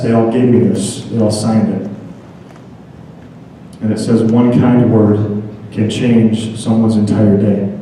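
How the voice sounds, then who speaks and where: A man's voice: mid-range voice, a little hiss or hum. Earnest American man in an echoing gym. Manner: earnest storytelling, animated. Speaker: motivational speaker. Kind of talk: school assembly speech. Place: school gym or hall, indoors. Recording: echoey school gym from far off.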